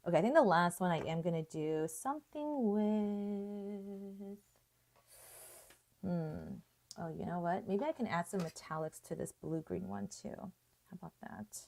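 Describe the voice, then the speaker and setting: A woman's voice: mid-range voice, animated, a little slow, vocal fry, pauses often, darkish tone. A young woman hosting a live watercolor painting tutorial, chatting casually, thinking aloud and laughing often. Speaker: art tutorial host.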